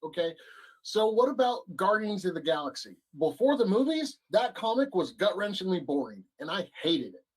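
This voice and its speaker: A man co-hosts a relaxed comic-book show and hesitates as he searches for words. His pitch moves widely between phrases. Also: normal speed, breathy edge, poor audio. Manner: hesitant, lots of ums. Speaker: podcast co-host. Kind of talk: casual comic-book chat.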